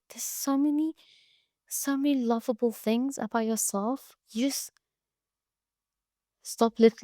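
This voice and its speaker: A woman's voice: fairly high pitch, dry recording, clean studio sound. A woman hosting a podcast solo, talking bluntly and profanely, like a tough-love pep talk. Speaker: podcast host. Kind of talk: casual monologue.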